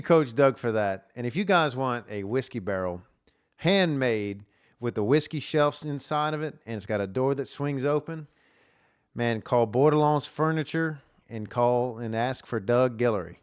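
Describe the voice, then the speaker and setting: A man's voice: medium pitch, clean tone, no room sound, clean studio sound. A man hosting a solo podcast, telling stories in a rambling way with lots of fillers and restarts. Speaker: podcast host. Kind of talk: casual solo podcast monologue. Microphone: camera recording at a desk.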